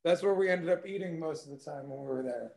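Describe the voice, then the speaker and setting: A man's voice: on the high side, fast, gravelly, darkish tone. A man co-hosting a podcast in casual chat. He is laid-back, swears freely and laughs often while telling stories.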